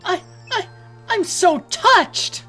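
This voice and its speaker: A woman's voice: very high voice, animated, extremely slow, fairly bright tone, soft background music, voice pushed up, full character voice. A woman voicing an eager, easily touched young male sidekick.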